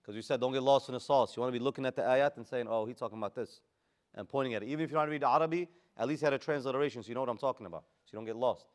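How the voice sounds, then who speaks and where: A man's voice: mid-range voice, rapid-fire. A man teaching a class how to recite the Quran, moving between chanted Arabic verses and casual, slangy English explanations. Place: classroom with students present.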